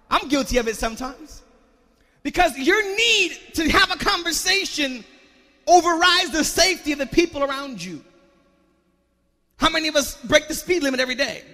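Male pastor with a very high voice, preaching with shouted calls to the congregation in a reverberant church. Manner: call-and-response preaching, repeats words, rising to shouts. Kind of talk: sermon. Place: church sanctuary.

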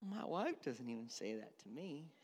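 Middle-aged male pastor, animated sermon delivery, acts out voices, swings loud to hushed, gravelly tone. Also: mid-range voice, moderate pace. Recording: reverberant hall.

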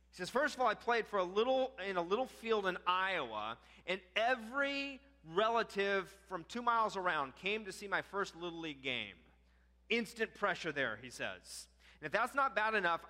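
A man preaching a sermon, telling a story with animated acted-out quotes. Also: high-pitched. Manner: animated, acts out quotes with rising voice. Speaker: pastor. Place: church sanctuary. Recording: church hall reverb.

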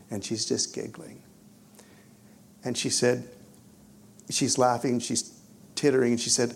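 Animated male preacher telling a story. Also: medium pitch, unhurried, creaky, pauses often, a little hiss or hum. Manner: animated storyteller, swings from loud excitement to hushed near-whispers. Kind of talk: storytelling sermon. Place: church.

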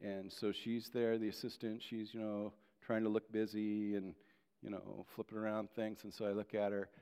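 A pastor giving a sermon and telling a story about himself. He is animated, moving between loud emphasis and quiet asides. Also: fairly low pitch, moderate pace, smooth. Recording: long reverb of a large hall.

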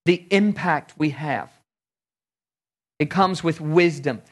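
A man preaching a sermon in a fairly high voice. He tells stories conversationally and voices the people in them as he goes. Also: measured pace. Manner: storytelling, conversational preaching with acted-out dialogue. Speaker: pastor.

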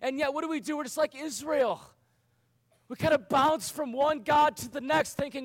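A man's voice: very high voice, moderate pace. A man preaching a sermon to young people, earnest, with rhetorical questions and emphatic repetition. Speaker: youth pastor.

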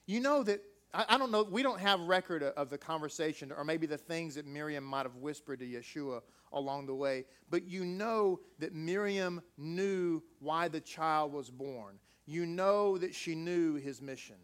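Male preacher, high voice, emphatic, peppers the sermon with rhetorical questions. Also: moderate pace.

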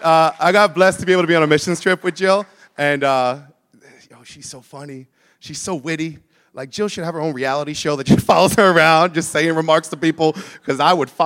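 High-voiced animated young preacher man. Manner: casual and animated, with slang asides. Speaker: pastor. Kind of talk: sermon.

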